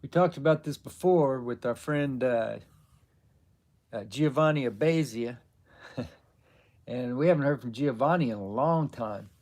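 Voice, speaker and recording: A man of middle pitch chats casually on a live stream, answering viewers as he goes. He rambles and halts often, filling gaps with ums and you-knows. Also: a little slow, long pauses, darkish tone. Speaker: livestream host.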